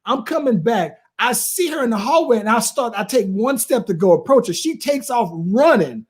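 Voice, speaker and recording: A man's voice: very high voice, normal speed, slightly rough. Slangy storytelling man in his late 30s. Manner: animated, slangy, peppers lines with "bro" and "right?". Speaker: podcast co-host. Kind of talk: casual storytelling chat.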